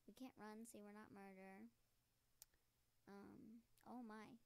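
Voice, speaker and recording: A young woman giving casual commentary on her game as a gaming channel host, bubbly and chatty, dropping into whispers and bursting into sudden shouts. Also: medium pitch, fairly even intonation, slow pace, creaky.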